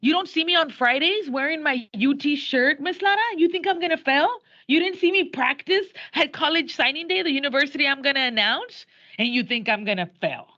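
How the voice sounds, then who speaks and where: A cocky, defiant teenage jock as a teacher puts him on, talking in a bright, high voice. He sounds sure of himself and boastful. The recording is dull and lo-fi. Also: animated, brisk.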